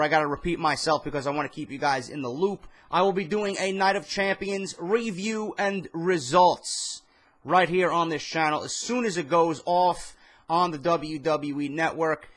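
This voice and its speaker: A man's voice: a little high, normal speed, a bit bright. Young man, New York accent, tired and a few beers in; rambling, profane vlog rant to camera. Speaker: wrestling vlogger. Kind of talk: casual ranting commentary to camera. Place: home, indoors, late night. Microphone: camera mic.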